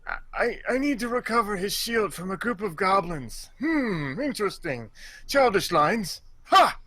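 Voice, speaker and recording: A man puts on an old gentleman author, baffled and halting as he fumbles through an online game. The voice is bright and fairly high for a man. The recording is dry and close-miked. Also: sing-song, dry recording, heavily acted. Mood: bewildered. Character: elderly male author, puzzled by a computer game.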